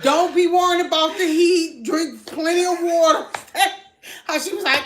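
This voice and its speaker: A middle-aged woman, a mother, chatting casually and telling animated stories, laughing as she acts out what people said. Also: very high voice, moderate pace. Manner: animated, laughing storyteller who acts out quotes. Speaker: mother of the host, salon co-owner. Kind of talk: casual storytelling chat.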